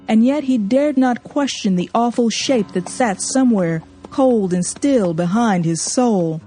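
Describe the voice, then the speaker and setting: A woman giving an expressive, measured audiobook reading of a novel. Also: mid-range voice. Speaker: audiobook narrator. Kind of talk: literary audiobook narration.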